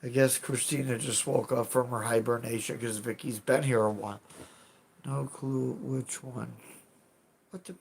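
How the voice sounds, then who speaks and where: A man's voice: mid-range voice, takes it slowly, gravelly, long pauses. A man casually chatting with his live chat as a streamer, rambling, self-deprecating and swearing now and then.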